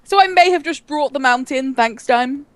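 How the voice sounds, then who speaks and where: A high-voiced woman chatting quickly and teasingly as a co-host on a casual gaming podcast. Her voice sounds dry and close to the mic. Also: no room sound.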